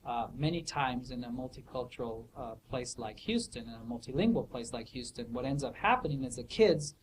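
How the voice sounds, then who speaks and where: A man's voice: mid-range voice, lively intonation, brisk, a little hiss or hum, low-quality recording. A man answering student questions in a casual academic way, thoughtful and hesitant, with many fillers and restarts. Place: office hour recording.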